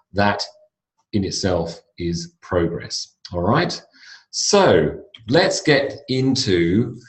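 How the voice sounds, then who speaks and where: Australian male teacher, low voice, deliberate and repetitive delivery, roomy echo. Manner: slow, deliberate, repeats words for emphasis. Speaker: English pronunciation teacher. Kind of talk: recorded online lecture.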